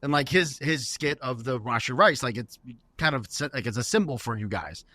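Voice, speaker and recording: A man co-hosting a podcast with quick, joking roast-style banter. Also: medium pitch, expressive, bright, forceful tone, no room sound. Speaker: podcast co-host. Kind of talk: casual podcast chat.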